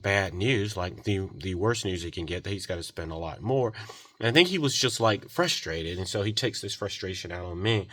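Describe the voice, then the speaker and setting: Man, lowish voice, rambling casual storytelling, repair tech. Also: bright, forceful tone. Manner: rambling, quotes others in shifting voices. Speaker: golf cart repair technician.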